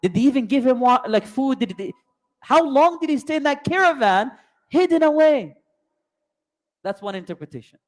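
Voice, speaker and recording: A man's voice: extremely high pitch, lively intonation, normal speed, long pauses. A man giving a religious lesson as a storyteller, asking many rhetorical questions and mixing in Arabic terms. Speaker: Islamic teacher. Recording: long hall reverb.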